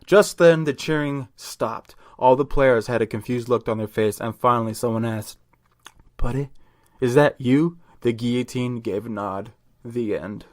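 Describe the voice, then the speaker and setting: A man's voice: mid-range voice, moderate pace. A man hosting a podcast, narrating a comedy story casually, laughing often and swearing. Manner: laughs often, crude jokes.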